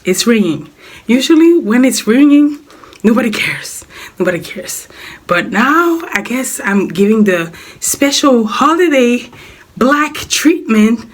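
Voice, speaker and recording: A sick young woman vlogging a casual life update in a hoarse, raspy voice, coughing often, rambling and repeating herself. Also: fairly high pitch, very animated, takes it slowly. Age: young adult. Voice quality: raspy, smoker-like voice. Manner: rambling, repeats words, apologizes.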